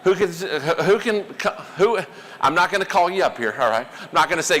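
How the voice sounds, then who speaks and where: A man giving a live workshop talk, animated and quizzing the audience. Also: high-pitched, brisk, long reverb tail. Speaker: workshop presenter.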